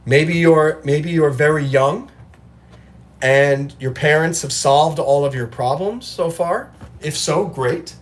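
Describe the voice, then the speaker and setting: A man in his forties hosting a motivational livestream, talking earnestly and often clearing his throat. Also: a little high, a little hiss or hum. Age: 40s. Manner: earnest, reads and answers chat. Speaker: livestream host.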